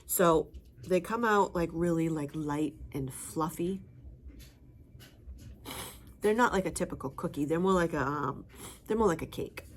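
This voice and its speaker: A woman's voice: unhurried, pauses often, slight background noise. A woman chatting casually in a home vlog, rambling with fillers and talking sweetly to her dog. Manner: high sing-song voice when talking to her dog. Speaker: home vlogger.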